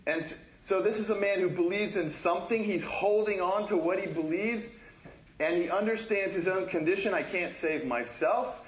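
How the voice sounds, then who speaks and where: A man preaching a sermon in a conversational, animated way, acting out quoted voices and laughing often. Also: sits high, normal speed, reverberant, poor audio. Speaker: pastor. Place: church sanctuary.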